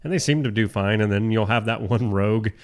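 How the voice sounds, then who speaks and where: A man's voice: fairly low pitch, a little fast. A man co-hosting a morning show, chiming in with short reactions and rambling asides. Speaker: co-host. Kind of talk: casual chat.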